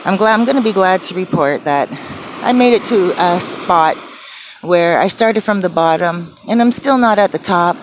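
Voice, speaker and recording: A woman's voice: fairly low pitch, background noise. A woman vlogging from her small apartment, telling a rambling story full of fillers and restarts. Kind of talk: casual chatty storytelling.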